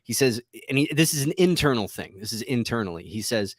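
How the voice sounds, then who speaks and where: Rambling, self-mocking trading show host. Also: male voice, medium pitch, animated, a little fast, no echo. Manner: rambling, joking at himself, laughs often. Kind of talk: casual livestream chat. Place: office.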